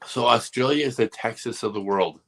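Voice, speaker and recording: A man hosting a casual live stream, telling rambling, animated stories full of asides. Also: mid-range voice, a little fast, vocal fry.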